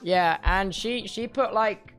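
A man's voice: sits high, slow pace, a bit bright, soft background music. Groggy young man rambling after surgery. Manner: rambling, slangy, many restarts. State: groggy after surgery, speech slightly impaired. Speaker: streamer. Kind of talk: casual chat reading viewer messages.

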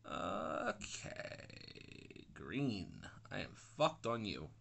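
A young man talks through his pool game in a loose, irritable ramble, cursing at opponents and drifting into side stories. His pitch jumps around a lot, and his tone is bright and forward. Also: big pitch swings, extremely slow, creaky, a little hiss or hum. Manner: grumpy, swearing, rambling asides. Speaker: gaming YouTuber. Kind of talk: casual gameplay commentary.

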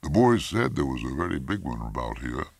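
A man's voice: rumbling low, very animated, brisk, vocal fry, darkish tone, breathy edge, dry recording, full character voice. A man playing a terse, confident hunting guide. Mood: brisk. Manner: clipped, terse. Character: curt, confident professional white hunter guide.

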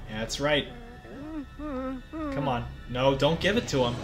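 A young man giving excitable, profane commentary over his gameplay, often yelling at the game. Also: a little high, takes it slowly, long pauses. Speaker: gaming video creator. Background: game music.

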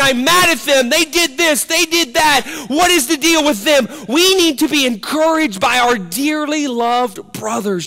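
A man's voice: very high voice, bright, forceful tone. A male pastor preaching a sermon in a church, emphatic, repeating key phrases and firing off rhetorical questions.

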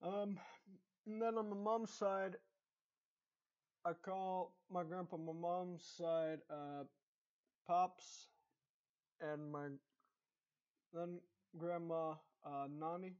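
A young man from Dallas talks in a loose, rambling way, with a Texan accent, a fairly high voice and plenty of ums and restarts. The recording sounds dull and lo-fi. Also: level tone, drawn-out words, long pauses, a little mellow. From Dallas, Texas. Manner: rambling, chatty, frequent fillers and restarts. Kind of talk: casual accent tag vlog.

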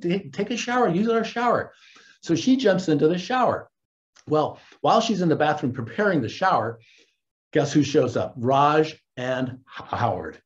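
Animated man recapping with laughter. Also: mid-range voice. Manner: animated, laughs often while retelling. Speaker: host. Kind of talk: casual episode recap. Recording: dull lo-fi recording.

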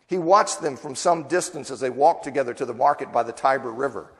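In a large hall, a preacher teaching a Bible class reads a story aloud in church and then explains it in a loose, conversational way. He's a man with a mid-range voice, speaking a little fast.

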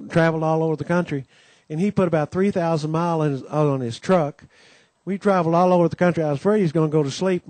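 Folksy, homespun preacher man, higher pitched. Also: a little mellow, no room sound. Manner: homespun storytelling, many "you know"s, acts out quoted voices. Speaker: conference host giving the welcome. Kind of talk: folksy welcome talk at a Christian conference. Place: conference gathering.

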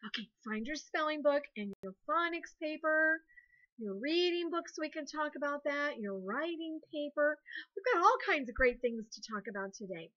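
A woman teacher leads young children through a recorded lesson in a cheerful, encouraging way. Her voice is high and bright, and she spells words out slowly, letter by letter. The sound is muffled and lo-fi. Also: lively intonation. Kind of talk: recorded online classroom lesson.

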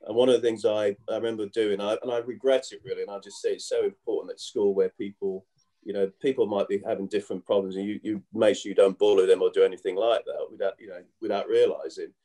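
A man in his fifties recounting his past in a relaxed interview, his voice low and warm in tone. He rambles, circles back and fills gaps with "you know" as he goes. He grew up in England. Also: fast. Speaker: guest, former cricketer. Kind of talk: casual storytelling interview.

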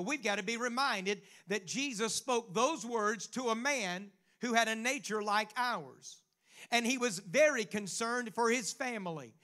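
A man's voice: high voice, bright, forceful tone. A man preaching a sermon as pastor, quoting scripture and building to fervent exhortation.

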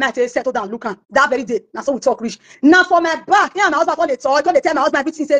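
A woman's voice: high-pitched, animated, fast talker. A Nigerian woman singer in an interview, telling a story and acting out the words of the people in it. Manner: acts out quoted voices of others while telling stories.

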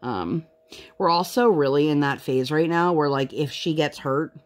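A woman's voice: low-pitched, expressive, moderate pace. A woman in her thirties chatting casually at home while she works on a craft project, telling candid stories and now and then putting on voices when she quotes people. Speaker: craft vlogger.

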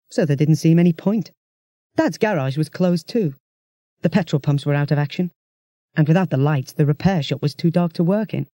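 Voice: mid-range voice, warm tone, dry recording, clean studio sound. An audiobook narrator reading a children's story in a chatty first-person voice.

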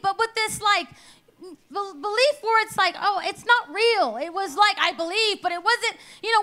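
A woman preaching a sermon at a church service, talking rapidly and emphatically and acting out the voices she quotes. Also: very high-pitched, sharp tone.

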